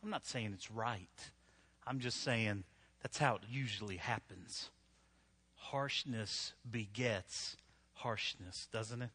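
Bright-voiced joking male pastor. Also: fairly low pitch, slow pace, husky. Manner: joking, conversational, asks the crowd "right?". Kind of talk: humorous sermon. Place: church with a live audience.

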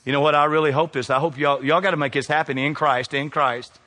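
A middle-aged man preaching a sermon, swinging from hushed to loud. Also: fairly high pitch, steady tone, fast, in a large hall. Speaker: pastor.

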